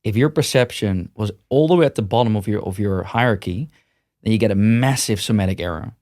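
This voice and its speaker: A man's voice: on the low side, a little fast, a little mellow, no echo, studio quality. A man talking as a podcast guest, in a loose, rambling way with frequent restarts and repeated words. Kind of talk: casual interview conversation.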